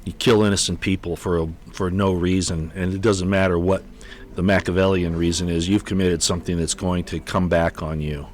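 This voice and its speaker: A man hosting a livestream, talking off the cuff with many halting restarts and repeated words, sounding exasperated. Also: deep voice, little pitch movement, a little hiss or hum. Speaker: livestream host. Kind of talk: rambling livestream commentary. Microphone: computer mic on an unsteady connection.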